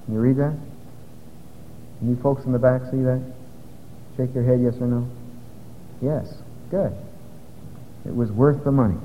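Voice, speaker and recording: A man's voice: medium pitch, steady tone, unhurried, long pauses, slight background noise. A man teaching an evening Bible study to a live audience, explaining step by step in a conversational way. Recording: dull lo-fi recording with long hall reverb.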